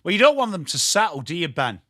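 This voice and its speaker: A man with a strong Yorkshire accent giving live football watchalong commentary, excitable and sweary, chatting to viewers by name. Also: sits high, fast talker, no echo, clean studio sound. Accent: Yorkshire English. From Yorkshire, England. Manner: excitable, sweary banter addressed to chat viewers. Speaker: watchalong streamer.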